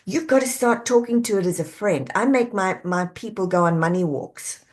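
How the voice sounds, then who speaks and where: A middle-aged woman speaks as a guest on a podcast, a coach telling her stories in an animated way. She slips into the voices of the people she quotes and laughs easily, with her pitch sitting in an ordinary middle range. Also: moderate pace. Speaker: executive coach and author, guest. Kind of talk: conversational podcast interview.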